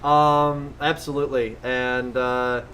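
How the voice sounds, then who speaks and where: A man's voice: medium pitch, little pitch movement, slow, fairly bright tone, a little hiss or hum. A man co-hosting a casual gaming podcast, laid-back and chuckling, reading out chat comments. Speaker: podcast co-host.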